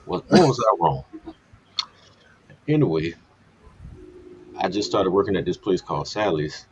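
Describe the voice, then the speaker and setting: Deep-voiced man telling a candid story. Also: expressive, measured pace, a little mellow, slight background noise. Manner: candid, profane, rambling. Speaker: podcast co-host. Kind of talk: casual storytelling chat. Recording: dull lo-fi podcast audio.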